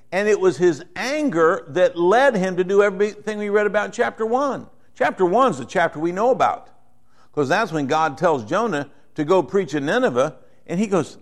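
Middle-aged male pastor, slightly high voice, talky sermon delivery that turns animated when he quotes people. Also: normal speed. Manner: conversational, rising to animated when voicing characters.

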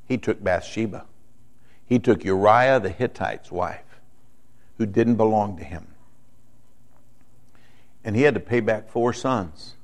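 A man preaching a sermon in a conversational way, often checking in with the room and moving between quiet explanation and emphatic points. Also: on the low side, takes it slowly, pauses often. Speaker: pastor.

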